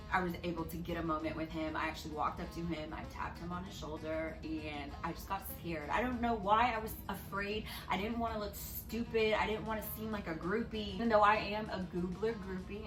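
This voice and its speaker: A young woman vlogger telling a story casually, with lots of expression and swearing, and she jumps into loud squeaky voices when she quotes people. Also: distant mic. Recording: echoey room, a little off-mic, music underneath.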